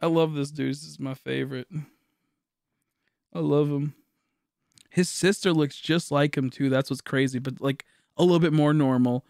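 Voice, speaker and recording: Young guy streamer, kinda high voice, rambly and laughing a lot, cussing, dry close sound. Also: steady tone, normal speed, gravelly, pauses often, a little mellow, no room sound. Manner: rambling, laughing often, swearing. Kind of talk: casual storytelling on a live stream.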